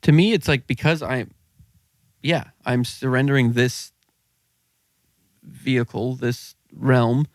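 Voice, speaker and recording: A man's voice: mid-range voice, slow pace, pauses often, no echo. Male podcast co-host, rambling casual talker, dry close mic. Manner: rambling, searching for words. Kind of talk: casual chat.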